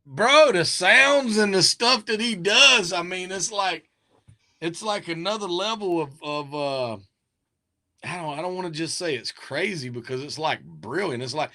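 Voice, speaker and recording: A man with a high, bright, ringing voice talks eagerly in a relaxed interview. He is a rapper explaining his own work, rambling and trailing off as he hunts for words. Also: measured pace. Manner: eager, talkative, trails off mid-thought. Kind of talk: casual chat.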